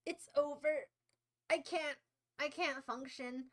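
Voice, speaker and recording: A woman's voice: high-pitched, animated, a little slow, pushed and bright. A young woman hosting a livestream, talking casually in a melodramatic, mock-despairing and playfully insulting way. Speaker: livestream host.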